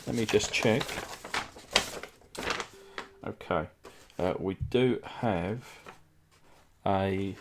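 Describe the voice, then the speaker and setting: A man's voice: deep voice, drawn-out words, pauses often, noisy background. A man from England hosting a casual hobby vlog, chatty and rambling, with lots of ums and uhs. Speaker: diecast restoration channel host.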